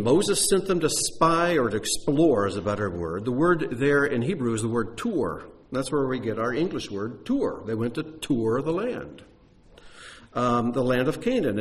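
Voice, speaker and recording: A man's voice: mid-range voice, big pitch swings, normal speed. A man teaching on Bible texts, explaining in a conversational way with occasional fillers.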